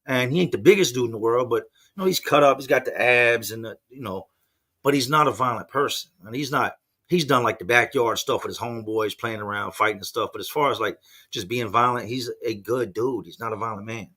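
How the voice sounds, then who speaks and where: A man's voice: mid-range voice, fairly quick, pushed and bright. A man in his forties telling a personal story in a loose, rambling, slangy way, saying he's just woken up and isn't a morning person. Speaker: podcast host. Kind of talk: casual storytelling.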